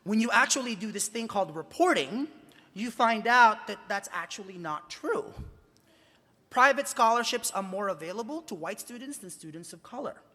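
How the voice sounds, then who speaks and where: A man's voice: high-pitched, animated, normal speed, sharp tone. A man, a journalist, gives a talk to students in a large convention hall. He speaks emphatically and asks many rhetorical questions. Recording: echoey hall with long reverb.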